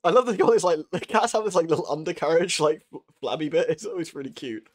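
A man's voice: on the high side, quick pace. A young man chatting casually while live-streaming a horror game, joking, swearing and laughing often.

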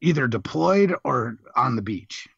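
A man's voice: medium pitch, big pitch swings, a little slow, gravelly, fairly bright tone, dull audio, a little hiss or hum. A middle-aged man, a Marine veteran guest, telling rambling, profane stories in casual chat.

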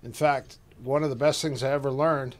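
Middle-aged man telling lively stories. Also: medium pitch, moderate pace. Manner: animated, acts out quoted voices, restarts often. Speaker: guest, martial arts coach. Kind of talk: casual storytelling.

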